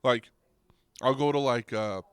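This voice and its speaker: A young man hosting a podcast, ranting comedically with lots of swearing and restarts, getting louder and higher when worked up. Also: measured pace, clean tone, dry recording. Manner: rambling, profane, restarts, goes loud and high when riled. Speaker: podcast host. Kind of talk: comedic rant.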